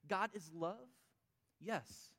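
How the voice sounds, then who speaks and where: A male pastor preaches with a slightly raised pitch, talking with the congregation and asking them questions. His voice rings out in a hall with long reverb. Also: very slow, sharp tone. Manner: conversational, asks the audience questions. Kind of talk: sermon.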